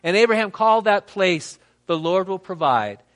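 High-voiced man preaching a sermon. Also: expressive. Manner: preaching with dramatic pauses and voiced quotes. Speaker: pastor.

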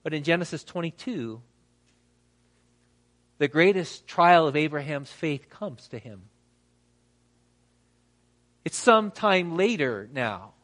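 A man preaching a sermon, reading scripture and acting out quotes with dramatic pauses. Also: a little high, expressive, a bit bright. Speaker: pastor.

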